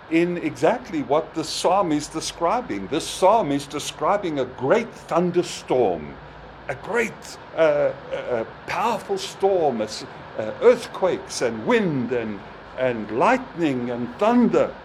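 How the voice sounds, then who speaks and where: Slow, lively-voiced male preacher. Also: on the high side, a little hiss or hum, rough recording. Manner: slow, emphatic preaching with rising exclamations. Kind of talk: sermon.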